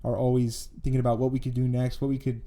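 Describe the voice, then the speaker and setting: A man's voice: mid-range voice, flat delivery, fast talker, mellow. A young man, a business founder, talking earnestly in a casual interview with many fillers and repeated phrases.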